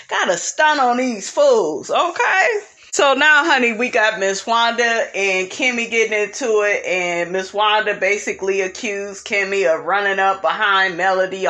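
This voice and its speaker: A woman's voice: medium pitch, pushed and bright. A woman recapping a reality TV episode in a sassy, opinionated gossip style, calling her listeners honey and child.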